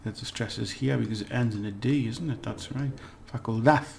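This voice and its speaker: A man giving a relaxed, chatty language lesson, slowly repeating words for practice and laughing at his own slips. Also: medium pitch, creaky, a little hiss or hum. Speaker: language teacher. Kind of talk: casual spoken language lesson.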